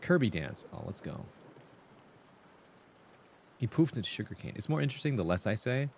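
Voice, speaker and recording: A man's voice: on the low side, very animated, moderate pace, vocal fry, slight background noise. A man hosting a livestream, talking casually to his chat and acting out voices in his stories. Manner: conversational, acts out quoted voices in anecdotes. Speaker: livestream host.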